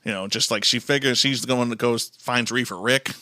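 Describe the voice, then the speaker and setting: A man's voice: mid-range voice, steady tone, brisk, bright, forceful tone, dry recording. A man appearing as a guest on a casual podcast, talking earnestly and reacting emphatically as he gives his opinions on a show. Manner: earnest, conversational, many "like" and "yeah" fillers, emphatic reactions. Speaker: podcast guest, first-time viewer. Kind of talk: casual chat reviewing a TV series.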